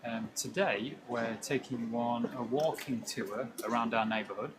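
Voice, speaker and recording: British male teacher, mid-pitched, unhurried, outdoor walk-and-talk lesson with faint street noise. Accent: British English. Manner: explanatory, relaxed, with frequent ums. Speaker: English teacher. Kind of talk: walking tour vocabulary lesson.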